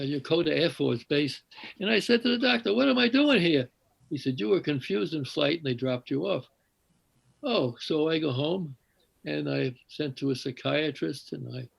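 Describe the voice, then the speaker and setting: A man's voice: mid-range voice, creaky, rough recording. An older man on a video call telling a long, meandering personal story with many fillers and restarts. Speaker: congregation member sharing.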